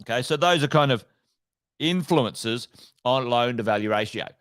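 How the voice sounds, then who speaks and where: A man's voice: mid-range voice, animated, normal speed, a bit bright, no room sound. A middle-aged man hosting a live-stream chat about property investing, full of energy, repeating himself and asking rhetorical questions.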